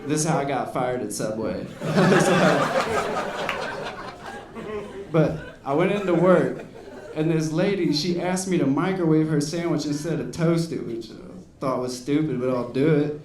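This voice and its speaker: Unhurried and fairly high-pitched, a thirtysomething comedian wanders through his club set in a laid-back style, leaning on plenty of "you know"s. The mic is distant, the room sounds roomy, and background noise mixes with the audience's laughter.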